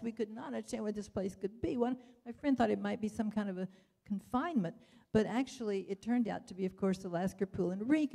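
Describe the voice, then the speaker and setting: A woman's voice: medium pitch, gravelly, warm tone. An older woman giving rambling, chatty public testimony at a hearing, full of wry asides.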